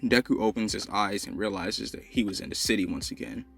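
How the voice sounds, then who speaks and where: Young guy, low voice, loose filler-heavy storyteller, faint lo-fi music behind. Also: brisk, vocal fry, fairly bright tone, slightly rough. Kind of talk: casual improvised fan story narration.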